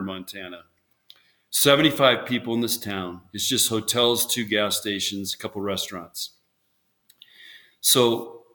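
His voice is lowish, pushed and bright. He's an ex-volleyball coach chatting informally in an interview, spinning meandering stories with many restarts and acting out what people said.

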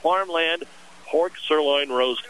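A man hosting a live sports radio show at a store remote, pitching sale prices in an upbeat, salesy way. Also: slow pace, a bit bright, rough recording. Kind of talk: live remote broadcast with ad reads.

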